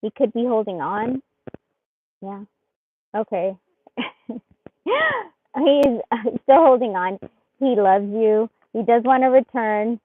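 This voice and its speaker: A woman giving a live tarot reading, murmuring softly as she shuffles and then chatting in animated bursts with lots of laughter. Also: on the high side, slow, long pauses. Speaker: tarot reader. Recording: muffled phone-like sound.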